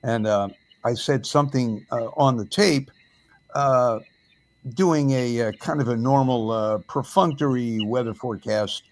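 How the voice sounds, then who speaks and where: A man's voice: medium pitch, a little slow. An older man, a former radio DJ, telling stories about his career in a casual chat, with frequent fillers.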